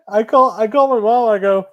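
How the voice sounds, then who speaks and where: A man with an extremely high-pitched voice hosts a casual podcast chat at a moderate pace. He tells funny stories in an animated way, swearing and laughing often. The recording is muffled and very noisy.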